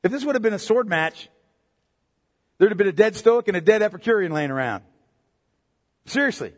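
A man preaching a sermon as pastor, impassioned, swinging between loud outbursts and low, quiet emphasis. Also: expressive, fairly quick. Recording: long hall reverb.

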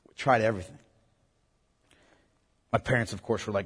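Male pastor, husky, earnest sermon delivery, long church-hall reverb. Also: lowish voice, moderate pace, long pauses, fairly bright tone. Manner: earnest, emphatic preaching to parents.

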